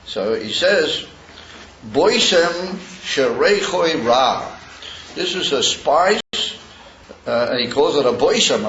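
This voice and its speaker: A man teaching a Torah class in a halting way, with many pauses and fillers, reading Hebrew verses slowly. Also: medium pitch, fairly bright tone, a little hiss or hum. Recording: roomy dull lo-fi recording.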